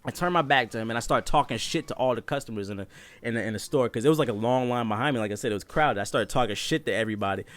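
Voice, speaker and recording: A young man telling a comedic story casually, animated and profane, laughing as he goes. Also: mid-range voice, racing, dry recording.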